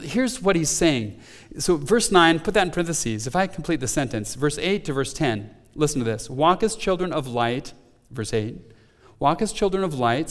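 High-voiced man preaching in a reverberant hall. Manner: conversational preaching, frequent restarts, rises to emphatic quotes. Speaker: pastor. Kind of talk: sermon.

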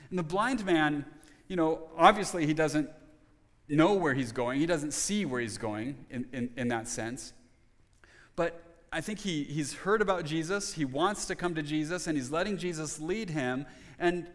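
A middle-aged man preaching a sermon as a pastor, earnest, often repeating words as he restarts a thought. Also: on the high side. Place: church sanctuary. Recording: long reverb of a church hall.

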